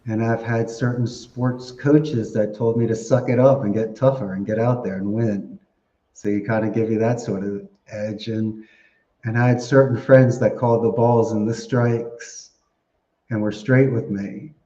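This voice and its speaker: A man with a fairly low, steady, dark voice speaks unhurriedly as a podcast guest. The interview talk is casual, chatty and wordplay-filled, with plenty of laughter, and the recording comes across dull and roomy.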